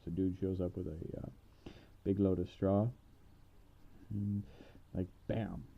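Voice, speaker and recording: A man with a somewhat low, husky voice retells a fairy tale in loose, playful slang, tossing in sound effects. The recording is dull and lo-fi. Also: flat delivery, takes it slowly.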